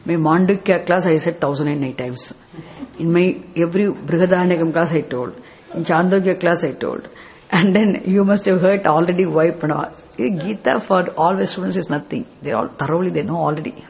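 A man's voice: on the high side, brisk, creaky, darkish tone. A man teaching a scripture class, explaining step by step with rhetorical questions and chanting verses. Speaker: spiritual teacher.

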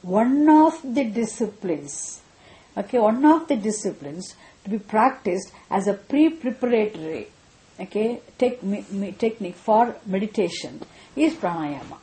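A woman's voice: medium pitch, lively intonation, unhurried, warm tone, rough recording. A woman teaching scripture, patiently repeating key points and checking that listeners understand. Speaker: spiritual teacher. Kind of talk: scripture lesson.

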